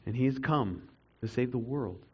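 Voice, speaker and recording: A man preaching a sermon to a congregation, earnest, swinging between loud emphatic stretches and quiet reflective ones. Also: mid-range voice, moderate pace, slightly rough, dull audio. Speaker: pastor.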